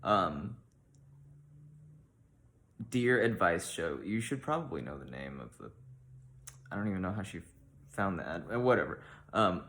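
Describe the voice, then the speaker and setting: Deep-voiced deadpan man hosting an advice show. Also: a little slow, long pauses. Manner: rambling and awkward, lots of ums and likes. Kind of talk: deadpan comedic monologue.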